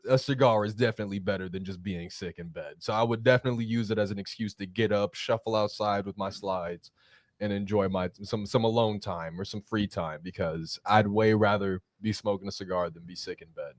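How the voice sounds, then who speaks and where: A man's voice: on the low side, steady tone, brisk, no room sound, studio quality. A man co-hosting a live stream, chatting casually and joking. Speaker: co-host. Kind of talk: casual chat.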